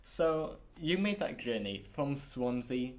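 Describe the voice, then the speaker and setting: A man's voice: medium pitch, sing-song, slow pace. Man interviewing, short questions. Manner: brief backchannel replies, short questions. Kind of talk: casual interview.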